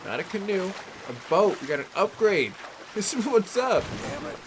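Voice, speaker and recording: A chatty gaming livestreamer from the San Francisco Bay Area offers casual live gameplay commentary, rambling along with lots of "like" and "um" and greeting chat viewers by name. His voice is high-pitched and very animated at a normal speed, with a noisy background.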